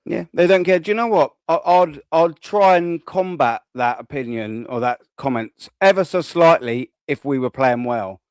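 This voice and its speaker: A man hosting a casual live fan panel, talking in animated, emphatic rants. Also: a little high, moderate pace, hardly any pauses, smooth, no room sound, studio quality. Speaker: host of fan show.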